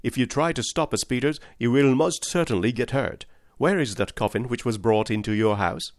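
A man reading aloud and voicing a calm, self-assured male detective who speaks firmly. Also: medium pitch, normal speed, dry recording, clean studio sound, lightly acted. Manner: calm and firm.

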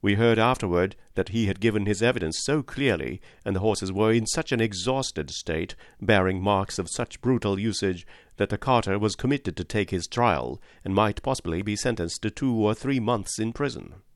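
A man with a low voice reads a classic story aloud in a steady, measured way. The recording is close and dry, with no room sound around him. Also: dry recording. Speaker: audiobook narrator. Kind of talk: scripted narration.

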